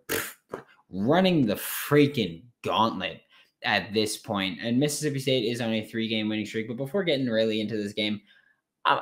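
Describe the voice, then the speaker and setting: A man hosting a sports podcast late at night, talking casually, animated and frank, with some swearing. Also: fairly low pitch.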